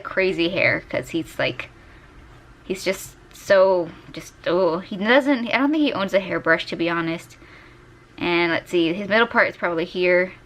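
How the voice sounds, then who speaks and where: A woman's voice: fairly low pitch, fairly bright tone. A young woman vlogging casually while she draws, chatty and giggly, gushing over her favorite characters, recorded on a desk microphone. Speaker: art vlogger. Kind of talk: casual chat while drawing. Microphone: desk USB microphone.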